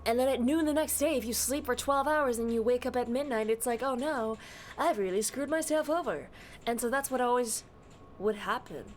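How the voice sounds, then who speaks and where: A woman's voice: on the high side, normal speed, slight background noise. A woman live-streaming in a casual, rambling way, greeting her chat by name and slipping into silly voices. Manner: playful, drops into silly voices.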